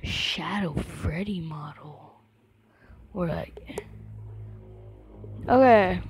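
Sick girl coughing a bit, slow easy talk, lots of excited oh gods, faint music behind. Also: mid-range voice. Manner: excitable, exclaims often. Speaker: reaction video host. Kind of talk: casual reaction commentary.

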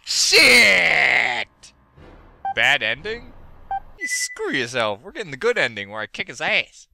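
This gaming host narrates a let's play at a fairly quick clip, his voice medium in pitch. He chats with himself and the characters, and when the game turns against him he yelps and swears excitably.

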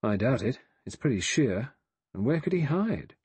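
A man over sixty voicing a thoughtful male doctor who speaks slowly and doubtfully. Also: medium pitch, big pitch swings, darkish tone, slightly rough, dry recording, voice pushed up. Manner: slow, doubtful.

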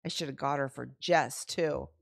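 A woman hosting a live slot stream from home, telling a story to her chat in an excitable way, laughing often and acting out what people said. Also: extremely low pitch, moderate pace, gravelly. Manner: animated, excitable, laughs often, acts out quotes.

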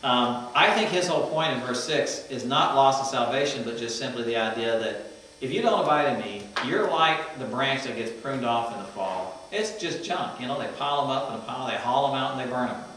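A man's voice: mid-range voice, expressive, brisk, fairly bright tone. A man teaching a seminary Greek reading class, explaining verb forms and interpretation in a conversational way. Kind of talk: classroom lecture. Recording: echoey classroom from far off, faint hum.

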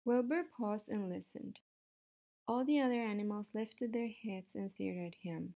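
A woman reading a children's book aloud in a steady way, with the odd small slip. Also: mid-range voice, measured pace, vocal fry. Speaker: reader.

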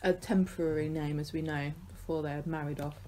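A woman's voice: low voice, steady tone, fairly quick, a little mellow, a little hiss or hum. A woman from southern England co-hosting a casual podcast chat, making dry, teasing asides. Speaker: podcast co-host.

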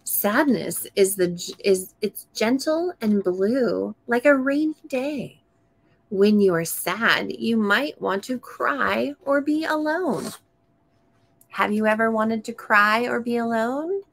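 Slow-spoken woman reading a picture book to a child. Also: a little high, lively intonation, creaky. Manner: coaxing questions to the child, frequent gasps and "oh my goodness" exclamations. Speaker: storytime host.

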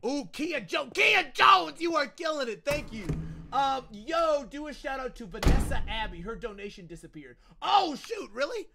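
A young man chatting casually on a gaming livestream, reacting loudly and thanking viewers for donations. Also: very high voice, moderate pace, vocal fry, noisy background. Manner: excitable, loud outbursts, reads out donations. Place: home.

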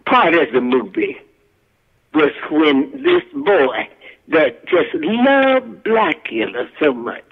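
A woman's voice: low-pitched, wildly swooping pitch, takes it slowly, breathy edge, narrow, tinny audio. An older woman, a guest actress and singer, telling stories from her career in a folksy, country-spoken way. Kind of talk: casual storytelling interview.

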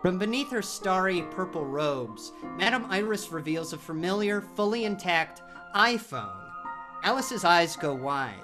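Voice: medium pitch, big pitch swings, measured pace, over music. A narrator telling a horror audio drama in a vivid storytelling style. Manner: vivid, storytelling delivery with sound-effect shouts.

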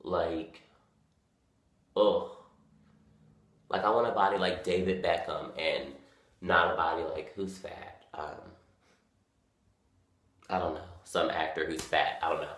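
A man's voice: deep voice, takes it slowly, pauses often, breathy edge, no room sound. Chatty, dramatic nineteen-year-old guy. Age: young adult. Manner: chatty and dramatic, lots of fillers, swings into loud excited storytelling. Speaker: vlogger. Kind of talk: casual vlog talk to camera. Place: parked car. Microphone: phone camera.

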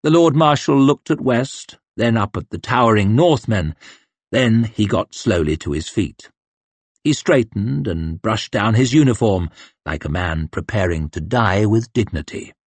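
A man's voice: fairly low pitch, expressive, a little slow, no room sound. A man narrating an audiobook in a tense, dramatic reading style. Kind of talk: scripted narration.

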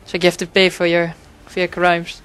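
A man's voice: high-pitched, monotone, fairly quick, fairly bright tone, smooth. A man giving casual gameplay commentary, rambling and swearing a lot, with frequent fillers and restarts. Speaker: gaming commentator.

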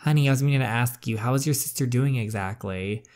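A caring middle-aged mother from a story game who speaks in a soft, fond tone, as a man reads her lines. Her delivery is patient and coaxing. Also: mid-range voice, quick pace, lightly acted. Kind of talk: reading a story game aloud.

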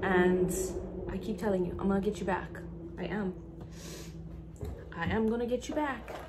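A young woman talks through an unboxing in her own casual vlog, gushing and emotional, her words tumbling out breathlessly. Her voice sits at an everyday middle pitch. A faint hiss of room noise runs underneath. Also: moderate pace. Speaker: vlogger.

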